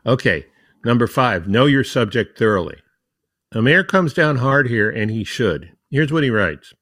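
A man's voice: medium pitch, expressive, normal speed, fairly bright tone, no room sound, studio quality. A man hosting a marketing podcast, walking through a numbered list of tips and reading quotes aloud in a conversational way. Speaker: podcast host.

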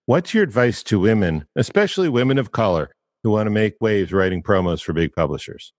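Lively, encouraging male interviewer. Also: lowish voice, fairly quick. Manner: encouraging, slight stammer on starts. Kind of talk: interview questions.

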